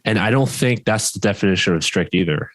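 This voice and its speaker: A man co-hosting a podcast in casual chat, stern and even-toned, his voice worn and starting to go. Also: lowish voice, fairly quick, a little hiss or hum. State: losing his voice. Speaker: podcast co-host, martial arts instructor.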